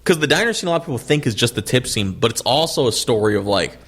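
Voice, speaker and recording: A man co-hosting a casual podcast, arguing about movies with lots of swearing and excited outbursts. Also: medium pitch. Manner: fast, animated, swears a lot, argumentative. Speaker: podcast co-host.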